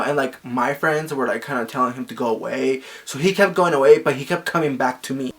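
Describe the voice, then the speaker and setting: A young man telling a story casually, animated and gossipy, filling his talk with "like" and acting out the quotes loudly. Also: brisk, hardly any pauses. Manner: animated, acts out quotes with sharp jumps in pitch and volume; gossipy, frequent "like" fillers. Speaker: vlogger.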